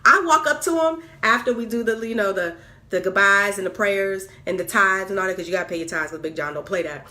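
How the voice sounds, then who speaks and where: A woman's voice: medium pitch, brisk, pushed and bright. A woman venting candidly on camera, exasperated and repeating herself with stammered restarts. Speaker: vlogger.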